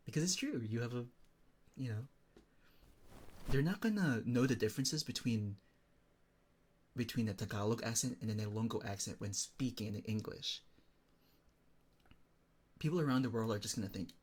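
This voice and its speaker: Man, streamer, husky voice, animated casual chat, talks to chat by name. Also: mid-range voice, moderate pace, pauses often.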